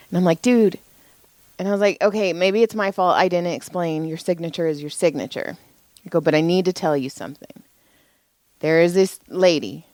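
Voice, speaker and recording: A woman in her forties telling a profane, animated story on a casual podcast, speaking as a parent. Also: lowish voice, no room sound. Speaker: podcast co-host.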